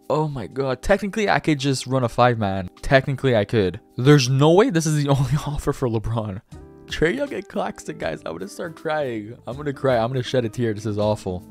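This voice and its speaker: A young man giving casual, chatty gameplay commentary, talking to the game and his viewers with self-mocking remarks. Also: on the low side. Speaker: gaming YouTuber. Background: faint background music.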